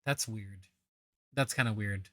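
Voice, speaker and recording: A bright, forceful voice delivers sarcastic reaction commentary, blunt and mocking with casual swearing. The sound is close and dry, with no room around it. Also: medium pitch, a little slow, dry recording.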